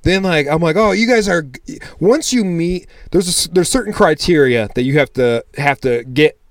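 A man co-hosting a casual podcast, telling lively stories in a loose way, swearing freely and acting out the people he meets. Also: a little high, moderate pace, no room sound. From United States. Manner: animated storyteller, swears freely, acts out customers. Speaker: podcast co-host. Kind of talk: casual chat.

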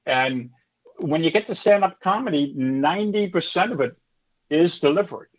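A man's voice: on the high side, animated, normal speed, dull audio. A middle-aged man, a stand-up comedy teacher, telling stories in a chatty, rambling, self-assured way during a casual interview.

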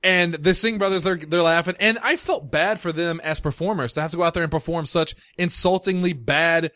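A man's voice: a little high, fairly quick, pushed and bright, no room sound, clean studio sound. A man co-hosting a casual chat, bluntly ranting and critical. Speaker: podcast co-host.

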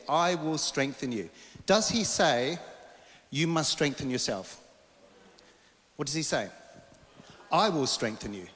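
A male preacher giving an animated sermon to a congregation and getting them to repeat words back. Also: fairly high pitch, big-room sound. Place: church hall.

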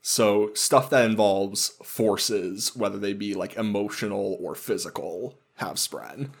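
A man with a fairly low voice and a gravelly, creaky texture. He hosts a relaxed book-club podcast, explaining things patiently and laughing often. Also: takes it slowly. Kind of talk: casual book discussion.

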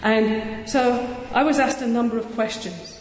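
A woman giving an earnest, energetic public talk as a surgeon, with touches of self-deprecating humor. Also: on the high side, measured pace. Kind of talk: public speech. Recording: echoey hall with long reverb.

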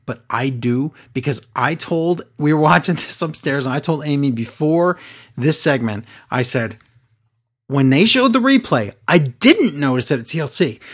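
A man co-hosting a casual wrestling podcast, recapping with animated asides. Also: on the high side, slightly rough. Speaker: wrestling show co-host.

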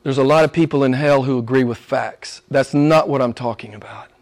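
A man preaches as pastor at a fairly quick pace, asking his congregation one question after another. He alternates between loud, emphatic peaks and hushed, low asides.

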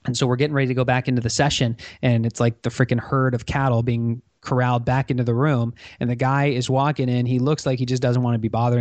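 A man tells a story with energy, acting out each quoted line as he goes. He has a mid-pitched voice. The recording is dry and close to the mic. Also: a little mellow, no echo. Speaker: podcast guest. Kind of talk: conversational storytelling.

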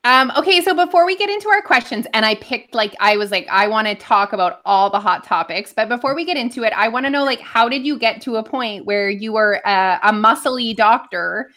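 A woman's voice: on the high side, expressive, brisk, few pauses, a bit bright. Giggly, gushing podcast cohost woman. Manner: gushing, giggly, lots of fillers. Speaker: podcast co-host. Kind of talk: casual podcast interview.

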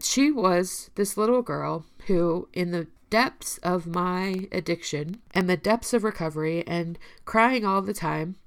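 A woman with a somewhat low voice and a gravelly fry, talking earnestly about her recovery. She addresses listeners directly and encourages them. At times she becomes emotional and laughs softly. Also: a little slow, few pauses. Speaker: recovery speaker. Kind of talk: personal talk showing her emergency kit.

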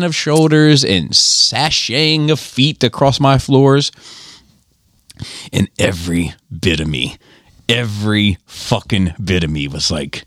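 Casual podcast man, middle-aged, low, animated delivery, rambling and profane, dry sound. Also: takes it slowly, dry recording. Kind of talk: casual chat.

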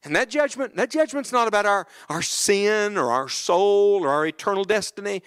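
Earnest preacher, hushed to emphatic. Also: male voice, high voice, lively intonation, moderate pace, smooth. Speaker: evangelist preacher. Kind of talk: sermon. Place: church.

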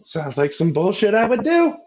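A man calling in to a podcast over Bluetooth headphones, talking loud, joking and swearing freely. His voice sits high and jumps around a lot, and the call audio comes through muffled and dull. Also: big pitch swings, normal speed, slightly rough. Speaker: podcast co-host. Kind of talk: casual chat.

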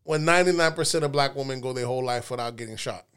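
A man hosting a casual podcast chat, talking in slangy, animated rants. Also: medium pitch, rapid-fire, clean tone. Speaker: podcast host.

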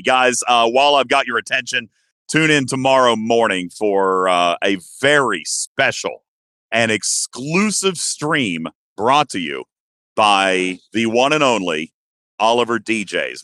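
This podcast host is a man in his thirties whose bright, forceful voice is recorded close and dry with no echo. He's playful and animated in a casual way, and his pitch jumps high when excitement hits.

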